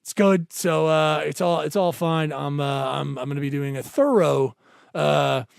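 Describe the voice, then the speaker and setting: High-voiced, gravelly man ranting. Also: normal speed, dry recording, clean studio sound. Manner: profane, heated storytelling. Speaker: podcast co-host. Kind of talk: casual chat. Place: at home on his bed.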